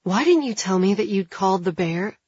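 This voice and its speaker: A woman narrating an audiobook, voicing a guarded young woman who speaks in a low, tired voice, with a husky tone. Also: lively intonation, brisk, darkish tone, no echo, dull audio. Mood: weary.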